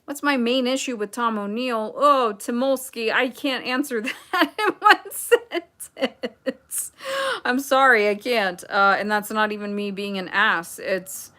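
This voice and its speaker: A woman's voice: a little high, takes it slowly, sharp tone. Blunt sarcastic woman streamer. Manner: sarcastic, blunt, rambling with asides. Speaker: livestream host reading chat. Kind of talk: casual livestream chat.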